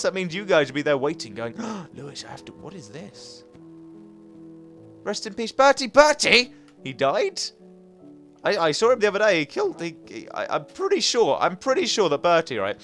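A man hosting a casual let's play, chatting excitedly to his viewers and his pets. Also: a little high. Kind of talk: casual game commentary.

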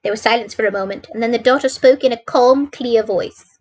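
A woman with a fairly high voice reads a detective novel aloud into a streaming mic. She moves through the narration at an easy pace and fixes her own little stumbles without stopping. The tone is relaxed and steady. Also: a little fast, slightly rough. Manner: reads at an easy pace with small slips and self-corrections. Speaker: storyteller streamer. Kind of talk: reading a mystery novel aloud. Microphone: streaming microphone.

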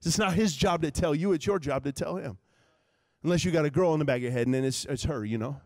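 Texas-accented pastor, man, high voice, dry close sound; loud preaching mixed with quiet, chatty asides. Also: quick pace, no room sound. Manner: conversational, humorous, with many fillers. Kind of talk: live sermon. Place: church sanctuary.

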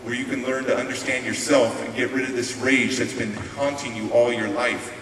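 A man voicing a stern, earnest older foster father who speaks lower and firmer, recorded in an echoey hall from a distant mic. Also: steady tone, moderate pace, fairly bright tone, slight background noise, natural voice. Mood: earnest urging.

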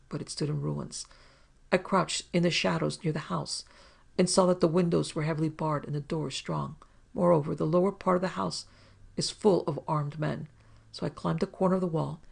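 A fierce, loyal Afghan warrior in an old pulp adventure story, as a woman narrator plays him. He talks slowly and solemnly, his voice gravelly and husky with a flat, even pitch. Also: full character voice.

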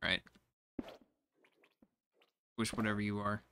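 A man giving casual commentary as he plays a game, talking to himself, often confused and quickly frustrated. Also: clean tone. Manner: jumps to high excited exclamations when surprised. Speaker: gaming YouTuber. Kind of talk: casual let's-play commentary.

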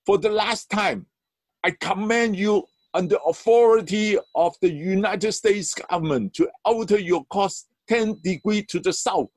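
A shouting warship captain, as a preacher puts him on. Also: male voice, sits high, measured pace, no room sound, voice pushed up. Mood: shouting orders. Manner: shouting, barking orders. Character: angry commanding male warship captain.

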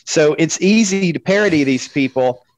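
A man's voice: fairly high pitch, lively intonation, normal speed, no echo, low-quality recording. A man co-hosting a podcast, speaking in an opinionated and emphatic way in casual discussion.

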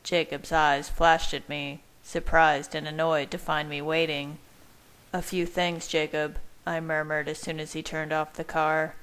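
A woman reading fan fiction aloud in a measured, even first-person narration. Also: deep voice, clean tone, low-quality recording.

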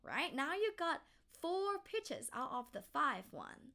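A woman's voice: sits high, big pitch swings, slow pace, creaky, bright, forceful tone. A woman with a Thai accent teaching a language lesson step by step, demonstrating tones by drawing out single syllables.

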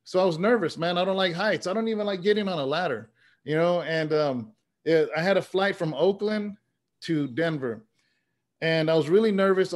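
Guy a bit higher voiced telling stories, earnest, keeps saying man and you know, pastor type. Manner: earnest, story-driven, says "man" often. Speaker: interview guest, pastor and former rapper. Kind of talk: conversational storytelling.

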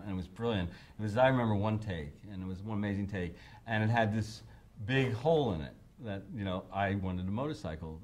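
Lower-voiced man telling studio stories. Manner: animated storyteller, many ums and restarts. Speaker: interviewee, record producer. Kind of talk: anecdotal interview storytelling.

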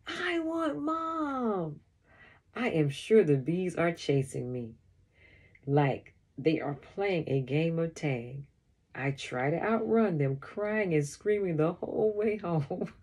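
Slow, husky woman reading a storybook. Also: low voice. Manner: expressive first-person storytelling. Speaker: storybook reader. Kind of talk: reading a children's chapter book aloud.

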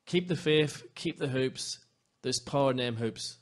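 A man's voice: mid-range voice, a little slow. A man from Northern Ireland with a Northern Irish accent, hosting a podcast in rambling, jokey casual chat. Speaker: podcast host.

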